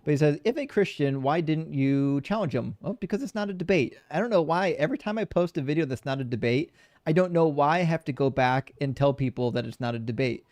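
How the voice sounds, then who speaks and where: A man's voice: on the high side, fast, a little mellow, no echo. Chatty man hosting a live stream. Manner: chatty, addresses viewers as friends. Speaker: live-stream debate host. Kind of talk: casual live-stream chat reading super chats.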